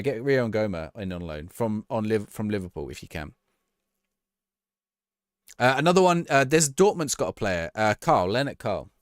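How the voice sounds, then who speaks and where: A man's voice: medium pitch, no echo, studio quality. A man chatting casually to his viewers on a live stream, laughing and reacting to a match as he talks. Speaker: livestreamer.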